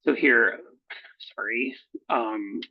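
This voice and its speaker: A man with a gravelly, husky voice teaches a writing workshop over his slides, often pausing on fillers and restarting words. The sound is dull and lo-fi, like a computer mic. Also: mid-range voice. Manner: halting, frequent fillers and self-corrections. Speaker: proposal editor. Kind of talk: recorded workshop lecture. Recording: dull lo-fi recording.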